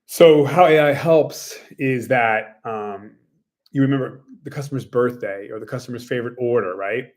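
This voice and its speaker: A man who runs a small tennis business, talking casually to his viewers in a rambling way, full of fillers and quick acted-out quotes. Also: medium pitch, a little mellow. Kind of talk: casual talk to camera.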